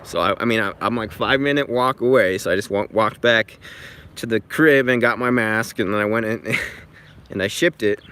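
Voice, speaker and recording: A man's voice: on the low side, fairly bright tone. A man telling a story in a casual vlog, chatty and exasperated, swearing freely, recorded outside near traffic. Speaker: vlogger.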